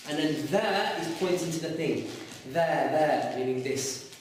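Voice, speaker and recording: A man teaching a class, lively and quizzing his students. His voice sits fairly high for a man. It is recorded from a distance in a very echoey room. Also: normal speed, noisy background. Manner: lively, asks students questions. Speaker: Arabic teacher. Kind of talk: classroom lecture. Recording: echoey room, mic far off.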